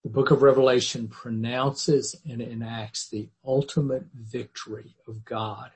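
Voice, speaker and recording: Gravelly-voiced man teaching a Bible class. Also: mid-range voice, steady tone, darkish tone, low-quality recording. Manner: measured, thoughtful, with restarts. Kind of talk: scripture reading and lecture.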